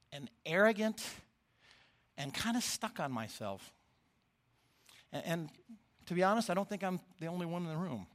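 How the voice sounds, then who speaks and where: A middle-aged man giving a sermon as a lay preacher, telling the story in an expressive, animated way. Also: fairly high pitch.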